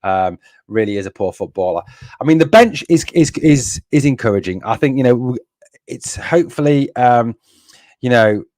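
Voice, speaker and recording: A man from northeast England hosts a fan live stream in a mid-pitched voice. He rants bluntly and with exasperation, swearing and circling back over the same points, and reads viewer comments aloud. The sound is dry and close. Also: lively intonation, moderate pace, a little mellow, no echo. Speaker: fan channel host.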